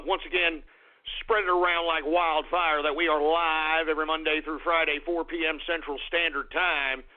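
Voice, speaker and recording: A man hosting a radio talk show who theatrically scolds an unseen engineer and his dog between announcements. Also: a little high. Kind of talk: comedic call-in radio monologue. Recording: tinny phone-line audio.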